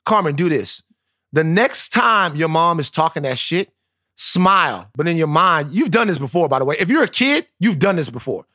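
Animated man with a lively voice. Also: a little high, normal speed, no echo, studio quality. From Louisiana, United States. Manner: animated, profane storytelling. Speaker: podcast co-host. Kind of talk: casual chat.

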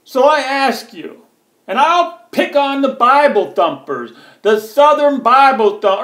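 High-voiced American man ranting angrily. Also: a bit bright. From United States. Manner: profane, sarcastic, heated and mocking. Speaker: political vlogger. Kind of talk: angry political rant to camera. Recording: echoey room.

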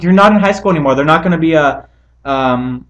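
A man hosting a casual chat at home, animated and fond of mimicking people. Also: fairly high pitch, fast talker, highs cut off. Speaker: host. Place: indoors at home.

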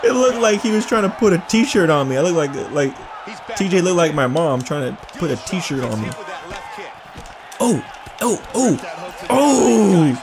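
A man playing a fight game, reacting excitedly, yelping, laughing and trash-talking his opponent. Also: on the high side, a little fast. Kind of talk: excited let's-play reactions. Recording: game arena crowd noise behind. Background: video game crowd noise.

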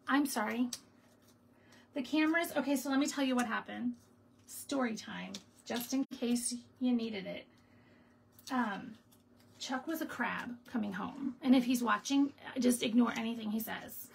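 A middle-aged woman chats and tells stories while she crafts at home, laughing often. Her voice sits a bit high and carries a gravelly fry. A faint hiss runs under the recording. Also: a little slow, low-quality recording. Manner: chatty storytelling, laughing often. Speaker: stamping demonstrator and show host. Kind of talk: casual live-stream chat while crafting.

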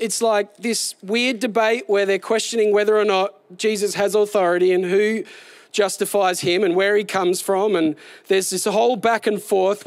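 High-voiced animated male preacher. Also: no room sound. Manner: animated, building to raised excited delivery. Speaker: pastor. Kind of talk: sermon. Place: outdoors.

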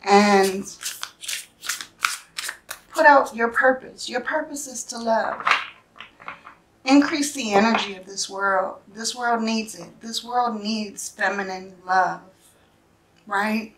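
A woman doing a spiritual tarot reading, speaking earnestly and emotionally in short halting phrases, often checking in with "right?". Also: a little high, a bit bright, slight background noise. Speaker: tarot reader.

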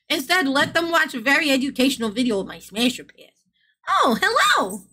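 A woman's voice: high-pitched, sing-song, moderate pace, pushed and bright. A woman streamer from the American South chatting casually with her audience, giggling often and swearing freely. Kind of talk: casual live-stream chat.

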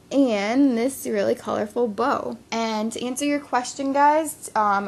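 A teenage girl vlogging as she unboxes fan mail, chatty and easily excited. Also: on the high side. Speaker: craft vlogger.

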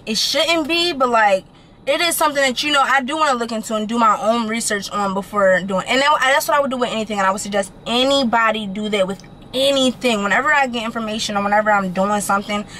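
A young woman vlogging from her car, chatting to her viewers in an animated, slangy way and swearing casually. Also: mid-range voice, a little hiss or hum, poor audio. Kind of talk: casual chat to camera.

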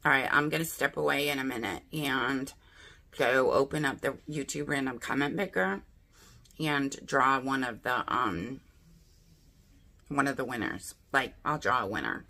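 A woman's voice: a bass voice, measured pace, pushed and bright. A woman chatting casually through a beauty box unboxing, thinking aloud and asking her viewers what she should do. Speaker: beauty vlogger.

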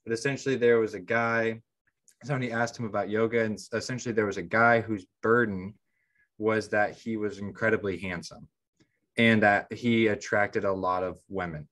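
A man's voice: on the low side, fairly even intonation, normal speed, a bit bright. A man co-hosting a podcast, retelling a story in a casual, rambling way with lots of ums and restarts. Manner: rambling, heavy on fillers and restarts. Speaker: podcast co-host.

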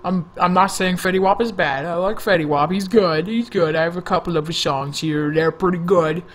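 A man's voice: high-pitched, normal speed. A man telling a rambling, jokey story-time vlog into a desk microphone, often sidetracking himself. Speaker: vlogger.

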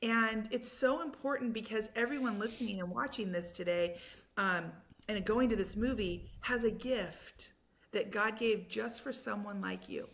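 A woman guest on a faith-based podcast, telling stories in an animated, effusive way. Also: medium pitch, moderate pace. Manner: animated storyteller, effusive and enthusiastic. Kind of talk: casual chat.

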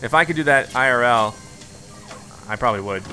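A man's voice: medium pitch, brisk, bright, forceful tone, faint music behind. A man giving casual, playful commentary while playing a video game, laughing often and exclaiming at surprises. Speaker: gaming YouTuber. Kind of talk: casual let's play commentary.

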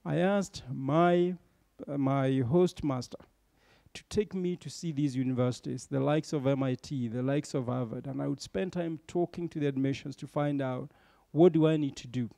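A man's voice: mid-range voice, steady tone, normal speed, vocal fry, warm tone, no echo, studio quality. A middle-aged man giving a motivational storytelling talk to young leaders, often checking in with tag questions. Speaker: bank executive speaking to young leaders.

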